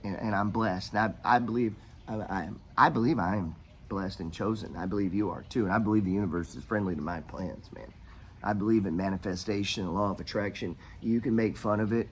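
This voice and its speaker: A man's voice: fairly low pitch, a little hiss or hum. A middle-aged American man hosting a podcast, giving money advice in a blunt, profane, rambling motivational rant. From United States.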